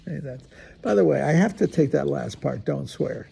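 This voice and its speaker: A man's voice: on the high side, expressive, normal speed, gravelly, mellow, husky. A man in his eighties, a priest, reading scripture and giving an informal homily with folksy, chatty asides. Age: 80s.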